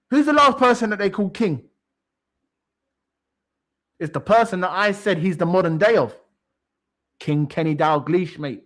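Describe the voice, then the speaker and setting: Man, high-pitched, emphatic, repetitive, swearing, casual football rant. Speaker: co-host of football talk show.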